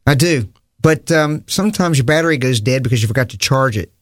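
A man's voice: mid-range voice, expressive, a little fast, no room sound, studio quality. A preacher, a man, talking earnestly and easily as a guest in a casual conversation.

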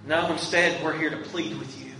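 A man's voice: on the high side, steady tone, moderate pace, bright, forceful tone, recorded from a distance, soft background music. Male pastor, earnest and pleading, heard from afar in a reverberant sanctuary with faint background hum. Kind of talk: sermon. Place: church sanctuary. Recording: echoey church room from afar, faint hum.

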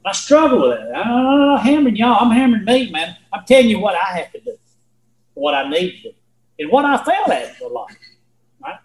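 Folksy man preaching, high voice. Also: sing-song, brisk, a little mellow, reverberant, low-quality recording. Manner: folksy, earnest, repeats himself, asks the listeners questions. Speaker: Bible teacher. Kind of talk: sermon.

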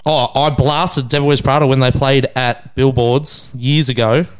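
A man's voice: medium pitch, steady tone, moderate pace, clear, resonant tone. Swearing Australian man telling stories. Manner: crude, laughing storyteller who acts out quoted voices. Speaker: podcast co-host. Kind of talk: casual banter podcast.

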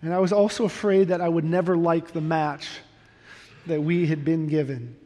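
A man's voice: a little high, fairly even intonation, moderate pace, warm tone. A middle-aged man preaching a sermon, telling a personal story candidly and earnestly, with self-deprecating humor. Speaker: pastor. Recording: long reverb of a large hall.

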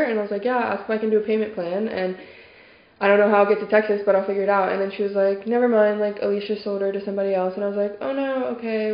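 Chatty young woman in an echoey room. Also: mid-range voice. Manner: animated storyteller, acts out quotes, many "like"s. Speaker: dog trainer on team podcast. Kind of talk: casual group chat. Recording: echoey room, dull lo-fi sound.

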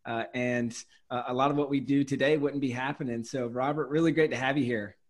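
A man's voice: mid-range voice, steady tone, brisk. A man hosting an interview, introducing his guest and asking questions eagerly, with frequent fillers and restarts. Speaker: interview host.

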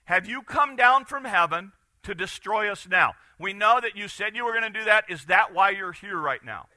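A man's voice: high-pitched, lively intonation, moderate pace, bright, forceful tone, no echo, voice pushed up, heavily acted. A man voicing a defiant, wary male demon in a sermon retelling, asking raised, pleading questions. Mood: alarmed.

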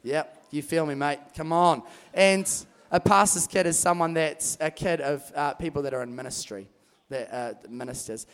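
A young man giving an animated sermon at a youth camp, telling Bible stories with energy and acting out the voices in them. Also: a little high, normal speed.

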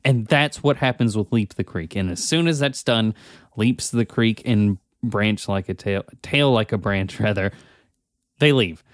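A man's voice: on the low side, measured pace, no echo. Emphatic male podcast co-host, dry sound. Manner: emphatic explaining, addresses co-host by name. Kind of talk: casual chat.

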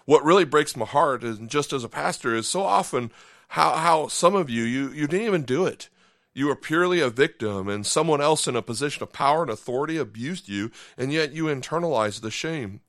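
A man's voice: medium pitch, lively intonation, brisk, fairly bright tone, dry recording, studio quality. A man preaching a sermon as pastor, telling a personal story earnestly and acting out the inner voices of his listeners.

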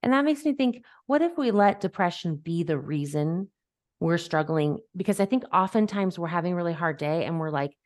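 A woman's voice: on the low side, animated, a little fast, darkish tone, dry recording, studio quality. A woman hosting a podcast as a life coach, talking casually and animatedly, acting out quoted voices and laughing easily. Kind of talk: casual conversational chat.

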